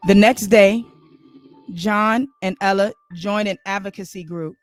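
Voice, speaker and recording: A man's voice: high-pitched, fairly even intonation, unhurried, dry recording, soft background music. Rambling male storyteller. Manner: loose, rambling, with asides to listeners. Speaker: podcast host. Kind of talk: comic improvised storytelling.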